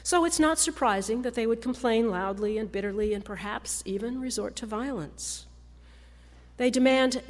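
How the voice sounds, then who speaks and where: A woman pastor delivering a sermon in a measured, storytelling way. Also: medium pitch, animated. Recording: long reverb of a large church hall.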